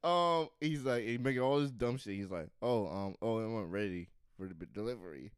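A man's voice: lowish voice, a little fast, clear, resonant tone, no room sound, clean studio sound. A man co-hosting a comedy podcast, telling a story and acting out both sides with laughter. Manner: acts out both sides of scenes, laughing often. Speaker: podcast co-host. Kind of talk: comedic storytelling with character voices.

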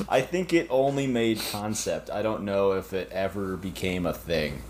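A man co-hosting a casual podcast discussion, relaxed and quick to laugh, swearing now and then. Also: deep voice, a little hiss or hum. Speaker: podcast co-host.

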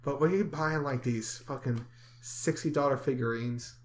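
A young man co-hosting a casual podcast chat, sarcastic and crude, swearing often and breaking into loud laughter. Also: mid-range voice, normal speed. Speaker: podcast co-host.

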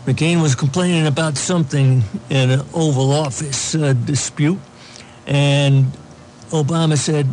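A man with a fairly high yet darkish voice talks at a measured pace over a faint hiss or hum. He reads news items aloud as casual political commentary, adding sarcastic comments and many filler ums.

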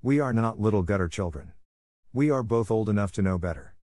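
A man doing a steady, coaxing young girl. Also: lowish voice, brisk, dry recording, clean studio sound, lightly acted. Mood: restrained anger. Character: spirited, kindly young schoolgirl.

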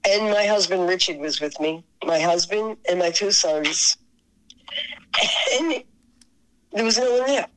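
An older woman talking earnestly in an interview, reminiscing in halting phrases that often repeat and restart. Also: lowish voice, rough recording. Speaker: guest musician.

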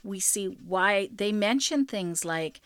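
A chatty woman co-hosts a casual faith podcast, teasing her co-host and laughing often. Her voice sits at an ordinary middle pitch. The recording is dry and close, with no room sound. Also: expressive, slow pace, a bit bright, clear, resonant tone, dry recording.

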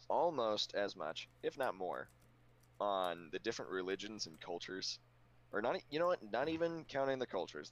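A man co-hosting a casual chat who has a wry manner and is quick to laugh. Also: sits low, highs cut off.

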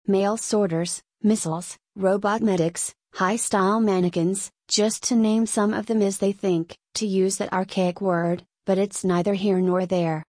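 A worn-out middle-aged man, fussy and a little pompous, sighing through his words, as a woman reader voices him. The sound is dry and close, with a middle pitch that stays near the reader's own. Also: fairly even intonation, darkish tone, dry recording, lightly acted. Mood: weary. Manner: tired and yawning, then briskly cheerful.

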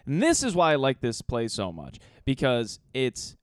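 A man talks loosely on a podcast, swearing and laughing as he retells a story, trailing off into ums. His voice is smooth and clean, recorded close and dry with no room sound. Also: mid-range voice, huge pitch swings, moderate pace, no echo. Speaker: podcast co-host telling the story. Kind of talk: casual chat.

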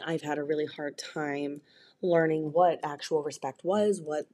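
A woman's voice: deep voice, a little mellow. A young adult woman co-hosting a casual podcast, talking candidly and earnestly, often restarting her sentences. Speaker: podcast co-host. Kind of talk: casual chat.

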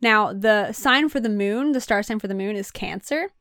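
A woman's voice: medium pitch, moderate pace, a bit bright, dry recording, studio quality. A woman co-hosting a casual chat, patiently explaining with a giggly, loose manner and lots of "like". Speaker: podcast co-host.

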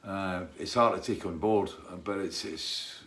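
A middle-aged man from Britain hosts a casual live stream. He rambles and restarts his sentences, greeting viewers warmly by name. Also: deep voice, unhurried, a little hiss or hum. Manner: rambling, friendly, reads out viewer names. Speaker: livestream host.

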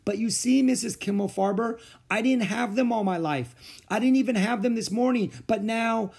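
A man's voice: high-pitched, normal speed, gravelly, darkish tone, breathy edge, voice pushed up, heavily acted. A man reading aloud, voicing an earnest, puzzled schoolboy who talks politely but insistently.

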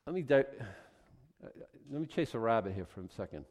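Animated male preacher. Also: mid-range voice, brisk. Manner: animated, acts out dialogue with rising intensity. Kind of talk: sermon.

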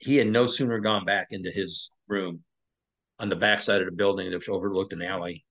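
A man with a fairly low voice recounts a war story as a podcast guest. He talks loosely, with fillers and restarts. He acts out the dialogue as he tells it. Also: steady tone, brisk, a bit bright, rough recording. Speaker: podcast guest, former Navy SEAL.

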